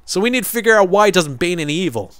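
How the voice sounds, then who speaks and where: A man's voice: high-pitched, expressive, racing, a bit bright, no echo. A man commentating a game playthrough in a joking, sarcastic way, swearing freely. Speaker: let's player.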